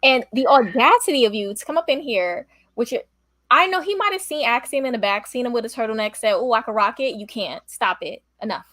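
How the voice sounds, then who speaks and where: Exasperated woman cohost going off about wrestling, blunt, high voice. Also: animated, brisk, dry recording. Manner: blunt, exasperated, sharp retorts. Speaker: co-host of a wrestling aftershow. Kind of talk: casual opinionated chat.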